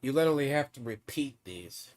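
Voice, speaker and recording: A man's voice: mid-range voice, lively intonation, brisk, a little mellow. A man streaming a game, trash-talking and mocking another player in casual, swearing chat. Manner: taunting, mocking, swears freely.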